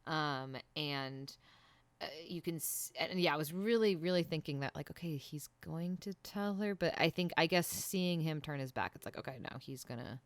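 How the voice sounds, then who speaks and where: A woman's voice: deep voice, moderate pace, dry recording. A woman co-hosting a podcast, recapping a TV episode in a rambling, casual chat full of fillers and restarts. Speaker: podcast co-host. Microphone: desk mic.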